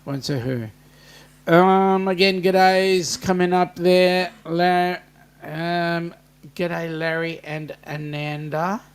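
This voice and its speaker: A man's voice: high voice, steady tone, slow, clear, resonant tone. An Australian man co-hosting a casual livestream, reading out viewer greetings and teasing his co-host.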